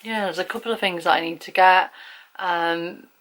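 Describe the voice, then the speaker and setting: A woman's voice: lowish voice, steady tone, moderate pace, a bit bright, low-quality recording. A young woman from England chatting casually to camera, rambling with lots of fillers and restarts. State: recovering from illness, feeling weak. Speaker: vlogger.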